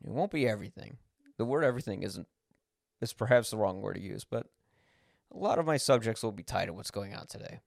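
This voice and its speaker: A man's voice: on the low side, lively intonation, brisk, vocal fry, no room sound, studio quality. A man hosting a podcast, speaking an unscripted personal monologue, blunt, swearing when angry and correcting himself as he goes. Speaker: podcast host.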